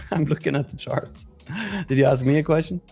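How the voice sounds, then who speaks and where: A man's voice: on the high side, steady tone, moderate pace, vocal fry, warm tone, slightly rough. A man co-hosting a live trading stream, chatting casually and joking around with mock accents. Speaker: trading show co-host. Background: faint music.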